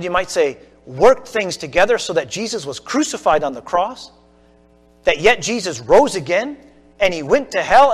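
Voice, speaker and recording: A man preaching an explanatory teaching sermon in a church, earnest and measured, sometimes restarting his phrases. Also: high-pitched, big-room sound.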